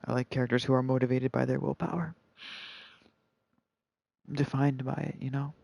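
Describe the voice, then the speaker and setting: A man's voice: mid-range voice, fairly even intonation, normal speed, creaky, a little mellow, dry recording. A man streaming a game live, rambling casually and laid-back, with lots of "like" and "you know". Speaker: gaming streamer. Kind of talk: casual live gameplay commentary. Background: game music.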